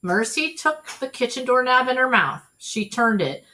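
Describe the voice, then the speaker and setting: A woman reading a children's storybook aloud in an expressive, animated way. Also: a little high, normal speed. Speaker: storybook reader.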